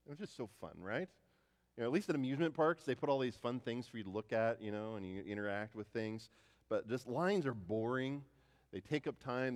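A man's voice: mid-range voice, big-room sound. A man preaching a sermon in a conversational way, putting questions to his listeners and often restarting his sentences. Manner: conversational, rhetorical questions to the congregation; frequent restarts and repeated words. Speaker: pastor.

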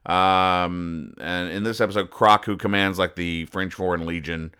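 A man hosting a podcast, recapping comic strips in a casual, deadpan way and explaining each joke. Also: low-pitched, measured pace, smooth. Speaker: podcast host.

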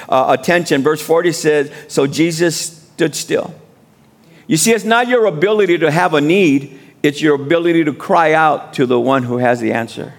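A man preaching a sermon as guest speaker in a church, building to shouted appeals and call-and-response. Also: on the high side, creaky.

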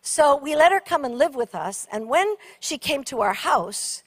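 High-voiced woman preacher telling a story. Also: moderate pace. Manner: animated, shrieking during funny story parts. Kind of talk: sermon storytelling.

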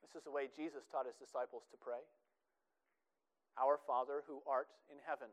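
A man's voice: medium pitch, steady tone, normal speed, rough recording. A man preaching a sermon in an earnest way, often repeating words for emphasis.

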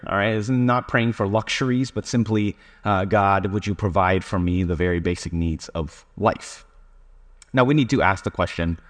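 A man preaching a sermon in a conversational, self-deprecating way, with many fillers. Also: lowish voice. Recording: reverberant hall.

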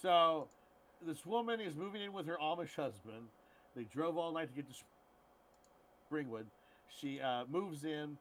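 A man's voice: fairly high pitch, animated, unhurried, pauses often, fairly bright tone. A man co-hosting a podcast in loose, joking, profane casual chat. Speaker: podcast co-host.

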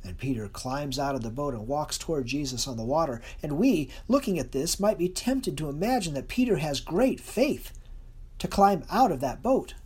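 A preacher delivering a sermon in an earnest, expressive way, slowing and softening for emphasis. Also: mid-range voice, breathy edge.

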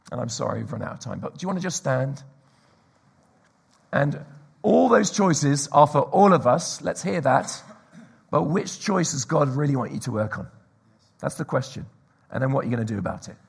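A man preaching a sermon, telling stories and dropping to a hushed whisper for emphasis. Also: a little high, vocal fry, breathy edge.

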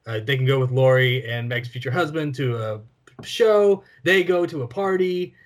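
A man's voice: mid-range voice, normal speed. A man co-hosting a film podcast, talking casually with blunt, sarcastic, profane remarks. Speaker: podcast co-host.

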